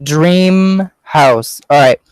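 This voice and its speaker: A man's voice: a little high, very slow, a little mellow, clean tone, no echo, rough recording. A young man chatting casually as a small YouTuber, rambling with lots of fillers and an easygoing manner. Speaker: youtuber being interviewed. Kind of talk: casual chat.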